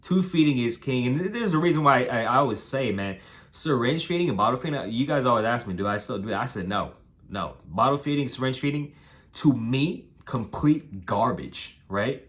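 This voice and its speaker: A young man with a hoarse, nasal voice giving casual advice on raising puppies, repeating himself and tagging lines with "right?" and "man". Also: medium pitch, animated, moderate pace, fairly bright tone. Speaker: dog breeder giving advice. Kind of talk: casual instructional vlog.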